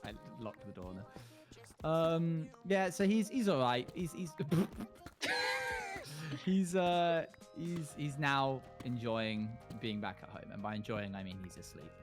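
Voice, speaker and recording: A streamer, telling stories in a laid-back, soft-spoken way during casual chat. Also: medium pitch, slow pace, over music.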